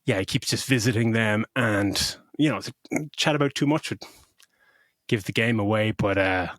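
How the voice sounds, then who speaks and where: A man's voice: lowish voice, normal speed, fairly bright tone, no room sound, clean studio sound. A middle-aged man co-hosting a podcast, gushing about a film in casual chat, swearing freely and tripping over restarts. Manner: emotional when retelling scenes. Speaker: podcast co-host.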